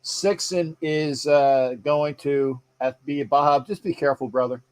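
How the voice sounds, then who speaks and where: A rambling man hosting a live sports stream in a loose, chatty way. His voice sits a little on the high side, and he keeps breaking off to greet viewers and restart his sentences. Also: normal speed, few pauses, darkish tone. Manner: rambling, chatty, reads viewer comments aloud; frequent fillers and restarts. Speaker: sports show host. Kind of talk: casual live-stream chat.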